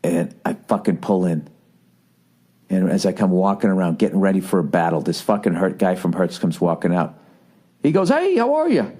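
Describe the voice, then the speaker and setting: A man's voice: deep voice, steady tone, a little fast, dark tone, breathy edge. A man in his forties hosting a podcast, telling a comic story in a profane, exasperated, ranting way. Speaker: podcast host. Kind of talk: comedic storytelling monologue.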